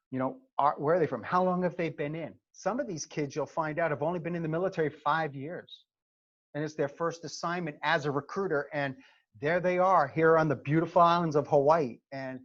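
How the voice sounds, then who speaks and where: Animated middle-aged New man on a call. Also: a little high. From New York. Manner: animated storyteller, frequent "okay?" check-ins. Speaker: Army recruiting advisor, former first sergeant. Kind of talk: conversational seminar talk. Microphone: video call. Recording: lo-fi video call audio.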